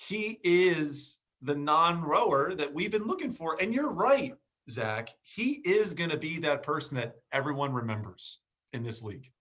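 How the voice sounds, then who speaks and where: A man's voice: on the high side, lively intonation, a little slow, a bit bright. A man hosting an interview show, upbeat and encouraging with his guests. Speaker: podcast host.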